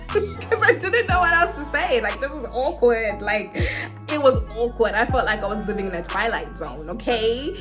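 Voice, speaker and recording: A woman's voice: fairly high pitch, lively intonation, normal speed, over music. A young woman from Africa telling a personal story in a chatty storytime vlog, full of fillers and asides. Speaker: vlogger. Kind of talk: casual storytime.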